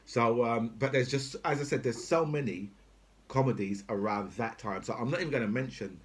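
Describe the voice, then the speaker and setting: A man's voice: medium pitch, moderate pace. A middle-aged man, talking unscripted and at length. He swears freely and keeps tossing in "right?" and "do you know what I mean?" as he goes. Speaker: political commentator. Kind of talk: unscripted rant.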